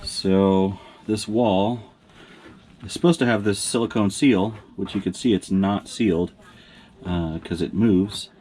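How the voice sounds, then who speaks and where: Easygoing low-voiced man vlogging. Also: a little mellow. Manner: easygoing, chatty, pauses with fillers. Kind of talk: casual vlog chat.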